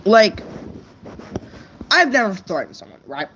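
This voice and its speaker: A woman's voice: medium pitch, sing-song, unhurried, a bit bright, a little hiss or hum, rough recording. A woman vlogger ranting unscripted to her viewers, blunt and profane, stumbling over her words. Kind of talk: unscripted rant to camera.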